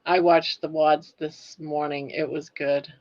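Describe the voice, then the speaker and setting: A woman's voice: low-pitched, little pitch movement, a little slow, a little mellow. A woman co-hosting a casual live chat, easygoing and full of fillers. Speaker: co-host guest. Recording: dull lo-fi audio.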